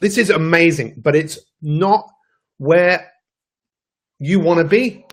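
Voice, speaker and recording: A man's voice: fairly high pitch, slow pace. A man giving a live motivational talk as a life coach, addressing viewers directly with emphatic energy.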